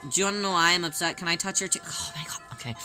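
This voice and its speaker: Bright, excitable young-sounding streamer woman. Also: lowish voice, soft background music. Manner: playful and excitable, repeats phrases in rapid bursts; rambling, with frequent restarts and fillers. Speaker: live streamer chatting with viewers. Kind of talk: casual live-stream chat while sewing.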